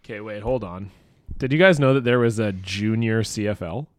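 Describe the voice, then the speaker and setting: A man's voice: fairly low pitch, normal speed, no room sound. A man co-hosting a casual podcast, making wry jokes and thinking aloud as he looks things up. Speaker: podcast co-host.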